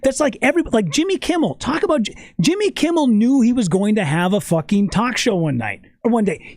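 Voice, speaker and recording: A man telling a story in a casual podcast chat, animated and swearing often. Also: high-pitched, a little fast, hardly any pauses, no room sound. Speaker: podcast guest.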